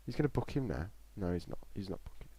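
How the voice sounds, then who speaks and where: Low-voiced and breathy, this English streamer talks fast as he reacts live to a football match. Sitting at a desktop mic in front of a screen in a small closed room, he never stops commenting on the play and reads messages from the live chat with excitement.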